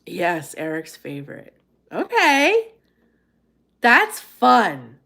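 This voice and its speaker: A woman's voice: medium pitch, huge pitch swings, extremely slow, creaky, bright, forceful tone. A woman from Pennsylvania hosting a casual live chat, reading and answering viewer comments and laughing often. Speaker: live stream host.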